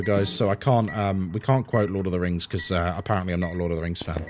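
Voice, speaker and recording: A man streaming a game and chatting casually, telling rambling, animated stories and repeating himself a lot. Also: mid-range voice, a little hiss or hum.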